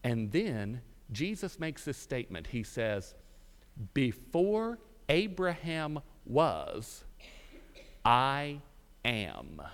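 A man preaching a sermon, with dramatic pauses and drawn-out emphasis. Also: mid-range voice, very animated, smooth. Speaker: pastor. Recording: reverberant hall.

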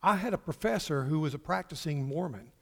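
Emphatic preacher in an echoing hall. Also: male voice, a little high, animated, fairly quick, creaky. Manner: emphatic, swings from loud to hushed, repeats words. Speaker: pastor. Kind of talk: sermon. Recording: reverberant hall.

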